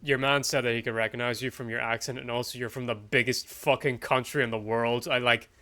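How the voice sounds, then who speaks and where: Brief: relaxed joking guy, casual gaming chat, teasing. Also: medium pitch, brisk. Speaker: co-player.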